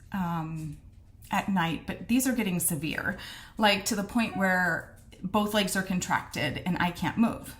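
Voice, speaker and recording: A middle-aged woman with a mid-range voice tells her own story in a casual, candid way. She acts out the lines people said to her with lively, animated energy. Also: mid-range voice. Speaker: midwife sharing her diagnosis story.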